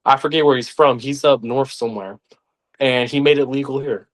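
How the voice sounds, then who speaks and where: A young man with a drawl tells his stories in a casual, animated way. His voice sits at a middle pitch. He slips into other people's voices when he quotes them. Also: moderate pace. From Arkansas, United States. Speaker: guest. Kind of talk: casual storytelling.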